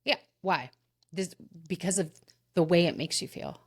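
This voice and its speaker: A woman's voice: on the low side, normal speed, slightly rough. A woman hosting a podcast, chatting casually and backing up her guest with short, supportive replies. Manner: supportive, brief affirming replies. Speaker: podcast host. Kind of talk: casual interview chat.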